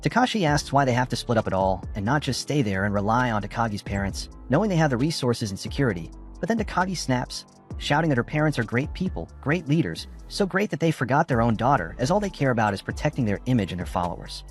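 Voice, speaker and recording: Lively male recap narrator over music. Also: mid-range voice, quick pace. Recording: faint background music.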